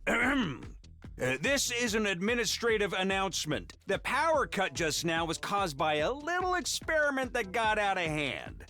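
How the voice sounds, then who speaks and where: A man's voice: high voice, wildly swooping pitch, moderate pace, pushed and bright, full character voice. An actor voicing a cheerful, offhand man reading out a school announcement in a video game. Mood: breezy. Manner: breezy, official, slightly sly. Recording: game audio with faint music.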